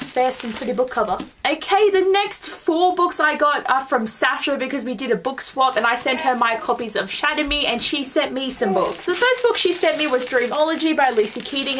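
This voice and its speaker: A young woman talks through her new books in a casual vlog. Her voice sits a little high, and she sounds excitable and rambling, full of fillers. She is recording at home. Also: slight background noise. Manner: chatty and excitable, many fillers. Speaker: book vlogger. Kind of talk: casual book haul vlog.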